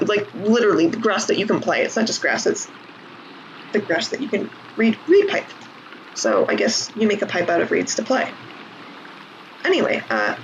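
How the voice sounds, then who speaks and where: Over loud game music, a vlogger with a mid-range voice casually explains language points while playing, rambling and correcting themself often. The sound is lo-fi with slight background noise, recorded on a desk mic with no camera.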